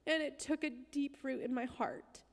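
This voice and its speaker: A woman preaching in a high voice. She tells a personal story with intense emphasis and sometimes drops to a hushed whisper. Her voice rings with the long reverb of a church hall. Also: fairly even intonation, moderate pace. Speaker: guest speaker. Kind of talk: sermon storytelling.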